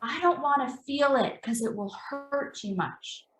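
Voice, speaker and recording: A woman's voice: high voice, unhurried, a bit bright, echoey room, slight background noise, low-quality recording. A woman, an embodiment practitioner, explaining in an earnest, conversational interview, repeating phrases for emphasis.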